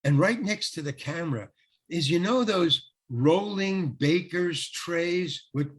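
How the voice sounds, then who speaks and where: An older man, a guest actor, telling a lively anecdote in an interview, acting out the quotes and laughing often. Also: a little high, unhurried, breathy edge. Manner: animated storyteller, acts out quotes, laughs often. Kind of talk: storytelling in an interview.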